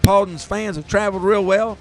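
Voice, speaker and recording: A man with a Southern accent calling high school football play by play, rising to excited near-shouts on big runs. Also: a little fast, faint music behind. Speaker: play-by-play announcer.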